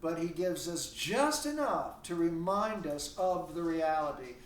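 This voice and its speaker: A man with a fairly high, animated voice teaches a literature class online at a measured pace. He wanders conversationally and punches key words, and the home recording is roomy and captured off-mic at a distance.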